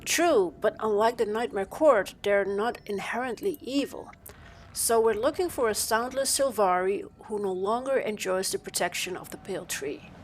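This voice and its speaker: A woman voicing a composed, inquisitive adult woman hero in a video game, speaking calmly and deliberately. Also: medium pitch, a little hiss or hum, close to an everyday voice. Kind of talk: video game character dialogue.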